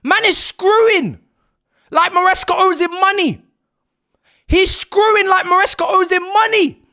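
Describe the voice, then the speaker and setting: A young man streaming a football watch-along, excitedly yelling and exclaiming at every moment of the match. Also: very high-pitched, a little slow. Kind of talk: live reaction commentary.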